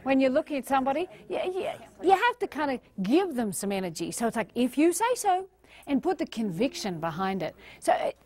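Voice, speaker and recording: An Australian woman giving a recorded leadership training lecture in a lively, animated manner. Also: fairly high pitch. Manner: animated, acts out quoted voices.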